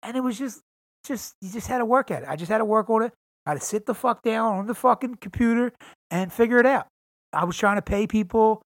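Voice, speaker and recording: A podcast host records a casual solo monologue from his home in San Diego, hyped and profane, repeatedly calling his listeners "guys." His voice sits high and moves a little fast, with clean studio sound and no echo.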